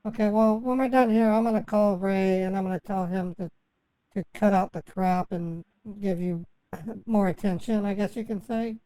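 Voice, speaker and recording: A woman with a mellow, warm voice rambles on a phone call. She stammers and restarts her sentences, fills the gaps with ums, and the sound is dry and close. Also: mid-range voice, steady tone, clear, resonant tone, no echo. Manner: halting, stammering, full of fillers and restarts. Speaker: scambaiter posing as a victim.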